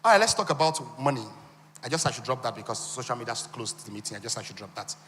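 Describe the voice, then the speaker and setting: A man's voice: mid-range voice, very animated, fast talker, fairly bright tone, slight background noise. A man with a Nigerian accent giving an interactive teaching talk at a conference, quizzing the audience with call-and-response questions and teasing asides. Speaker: conference speaker teaching on wealth. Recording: long hall reverb.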